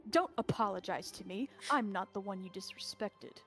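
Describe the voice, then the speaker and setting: A woman voicing a courteous gentleman buck. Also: medium pitch, normal speed, slightly rough, soft background music, close to an everyday voice. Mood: stern. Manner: polite, formal, cheerful.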